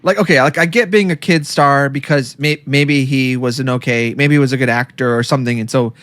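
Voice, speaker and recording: A man's voice: medium pitch, steady tone, a little fast, fairly bright tone, no echo. A man from Cleveland in casual comedic chat as a podcast co-host, laughing often and breaking into goofy impressions. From Cleveland, Ohio.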